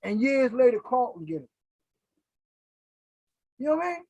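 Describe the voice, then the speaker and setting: A middle-aged man from Philadelphia telling stories in a casual interview, animated and acting out the voices of people he quotes. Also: extremely high pitch, normal speed, slightly rough, dry recording, low-quality recording. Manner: animated, acts out quoted voices, keeps checking in with "right?". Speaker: interview guest. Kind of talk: casual storytelling.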